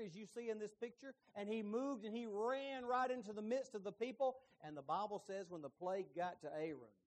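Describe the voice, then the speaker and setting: A middle-aged man preaching a sermon, telling the story with lively emphasis and folksy asides. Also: sits high.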